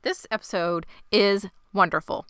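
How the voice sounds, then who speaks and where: Woman podcast host, 30s; bright, crisp, dry close sound; bubbly casual recap. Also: mid-range voice, moderate pace, dry recording. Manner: bubbly, acts out quoted lines.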